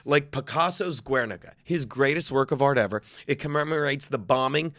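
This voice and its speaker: A man in his fifties, a comedian guest on a podcast, talking loudly and emphatically with heavy swearing. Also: medium pitch, fairly quick, no room sound. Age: 50s. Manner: loud, profane, emphatic ranting. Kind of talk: podcast conversation.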